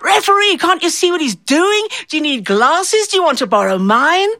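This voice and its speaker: A woman's voice: very high voice, expressive, normal speed, bright, forceful tone, no echo, clean studio sound, voice pushed up, full character voice. A woman voicing her respectable old great-aunt as she shrilly heckles a wrestling referee. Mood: indignant.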